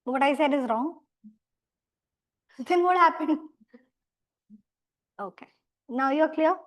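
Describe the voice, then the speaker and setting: A woman with an Indian English accent runs a vocabulary class in a small classroom. Her voice sits high, and her delivery is brisk and corrective. She slips between Hindi and English as she explains. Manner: brisk, mixes Hindi and English, scolds sleepy students. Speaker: English teacher.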